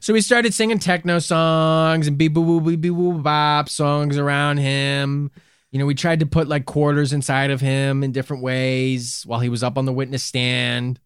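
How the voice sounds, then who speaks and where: A man's voice: fairly high pitch, moderate pace, smooth, no room sound, clean studio sound. A man co-hosting a comedy podcast, riffing and laughing through improvised banter. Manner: laughing, animated, jokey. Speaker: podcast co-host.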